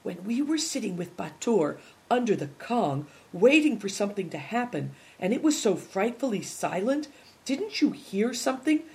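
A reader voicing an excitable, curious young boy who exclaims eagerly, in a storybook reading. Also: mid-range voice, normal speed, creaky. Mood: hushed.

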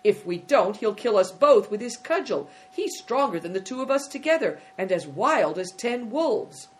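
A woman's voice: medium pitch, sing-song, moderate pace, slight background noise, voice pushed up, natural voice. A woman doing a blunt, bold boy. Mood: forceful. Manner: blunt and decisive. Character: bold, practical young boy.

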